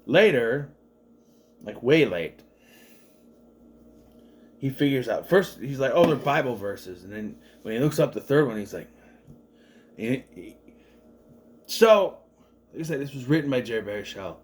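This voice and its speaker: Animated, rambling male movie reviewer. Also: mid-range voice, a little slow, long pauses. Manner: rambling, chatty, many fillers and restarts; animated, acts out the characters' lines.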